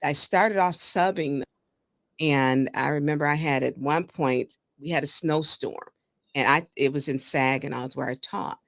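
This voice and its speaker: A woman hosting a talk show, chatting casually with a guest and telling stories in an animated way. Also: deep voice, moderate pace, vocal fry, dry recording, clean studio sound. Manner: storytelling, animated, laughs while talking. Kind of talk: casual interview chat.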